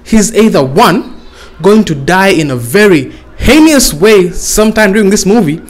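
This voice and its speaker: A man's voice: sits high, expressive, normal speed. A man telling a comic story casually, swearing and laughing at his own jokes. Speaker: comedian. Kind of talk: comedic storytelling.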